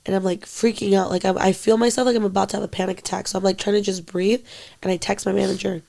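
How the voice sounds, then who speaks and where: A young woman with a gravelly, fry-tinged voice, talking in casual podcast chat. She speaks haltingly, filling her sentences with "like" and the odd swear word. Her delivery is quiet and emotional, sometimes falling almost to a whisper. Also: mid-range voice, flat delivery. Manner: halting, full of "like" and frequent swearing. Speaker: podcast co-host.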